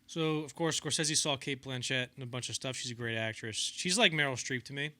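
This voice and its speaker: A young man with a mid-range voice talks a little fast as he co-hosts a film podcast. He chats casually about film history, telling stories with animation and acting out the quotes in different voices.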